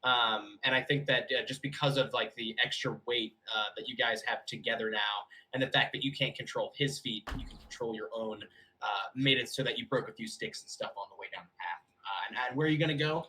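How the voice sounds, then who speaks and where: A man narrating as game master for new players, relaxed and thinking aloud with frequent fillers. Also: mid-range voice, fairly quick, rough recording.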